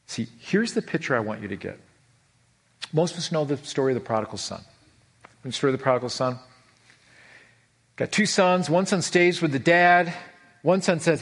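A middle-aged male pastor preaching with a husky, somewhat high voice. He is animated, shooting up in pitch to make a point, then stretching key words out slowly. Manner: animated, voice leaps high for emphasis, drawn-out slow stresses. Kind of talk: sermon.

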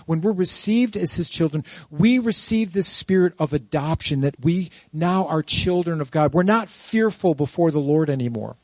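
A man's fairly high voice carries a pastor's sermon, recorded dry and close. He preaches animatedly, tossing rhetorical questions to the congregation and slipping in playful jokes. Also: a little mellow, no echo.

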